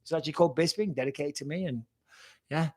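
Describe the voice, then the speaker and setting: A former fighter in his forties, now a commentator, hosts a casual live Q&A, answering viewer questions bluntly and quickly with frequent swearing. His voice is fairly high in pitch and a little mellow.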